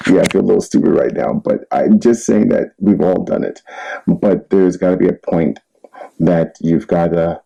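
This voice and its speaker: A man's voice: deep voice, fairly even intonation, normal speed, creaky, mellow, poor audio. A man giving relationship advice in a candid, rambling monologue, laughing at himself now and then. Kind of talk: casual monologue.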